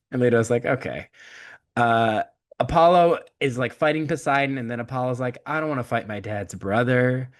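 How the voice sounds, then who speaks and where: A man co-hosting a podcast, retelling a story in casual chat, comic and profane, acting out the characters with quick shifts of voice. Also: mid-range voice. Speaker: podcast co-host.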